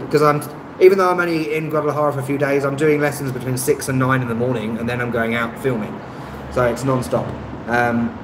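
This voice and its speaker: A man from London with an Estuary English accent, chatting casually on a live stream and reading out viewers' comments. He rambles, with lots of ums and restarts, and pokes fun at himself. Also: medium pitch. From London, England. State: tired, no rest. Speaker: travel vlogger on a live stream. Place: rented room indoors. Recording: echoey room with loud background noise and passing vehicles.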